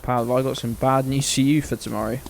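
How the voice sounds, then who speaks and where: A man's voice: medium pitch, level tone, fast, creaky, a little hiss or hum. A man chatting casually and playfully while streaming a game, swearing freely. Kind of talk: casual live-stream chat.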